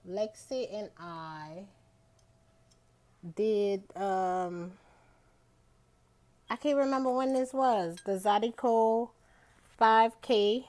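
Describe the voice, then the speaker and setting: Woman vlogger, unhurried and chatty, rambling casual delivery. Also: medium pitch, darkish tone. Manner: chatty, rambling, drawls out words. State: out of breath after a bike ride. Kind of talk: casual day-in-my-life vlog.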